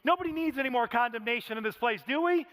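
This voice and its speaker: A man preaching a sermon as a pastor, telling stories with animated acted-out voices. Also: extremely high pitch, fast talker, big-room sound. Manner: animated storytelling, acts out quoted voices. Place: large church auditorium.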